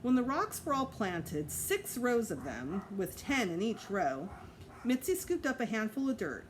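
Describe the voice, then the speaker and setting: A woman teacher reading a children's chapter book aloud with expressive storytelling. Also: a little high, a little slow, a little hiss or hum.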